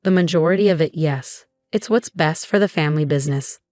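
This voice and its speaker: A woman's voice: low voice, brisk, darkish tone, no room sound, studio quality, faint music behind, natural voice. A woman voicing a drunk, scornful middle-aged father in a narrated story, with a cold, slurred manner. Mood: calm.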